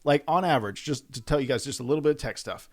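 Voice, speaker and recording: A man's voice: mid-range voice, fast. A man in his late twenties co-hosting a podcast, chatting casually in a blunt, profane way. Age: 20s. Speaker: podcast co-host. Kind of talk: casual chat.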